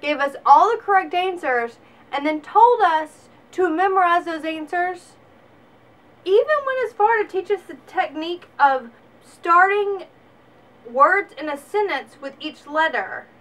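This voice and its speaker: Woman, Southern US accent, sarcastic comedy vlog, bright voice. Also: extremely high pitch, measured pace. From Alabama, US. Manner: sarcastic, animated. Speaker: vlogger.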